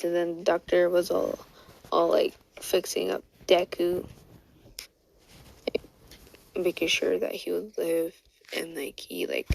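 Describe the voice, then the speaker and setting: A woman's voice: on the low side, vocal fry, slight background noise, poor audio. A woman casually retelling a fan story, rambling with lots of fillers.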